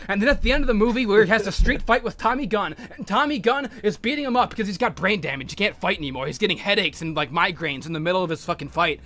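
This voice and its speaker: Guy on a podcast, high bright voice, rambling and excited, swears constantly. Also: fast, hardly any pauses, no room sound. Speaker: podcast host. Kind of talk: casual podcast chat.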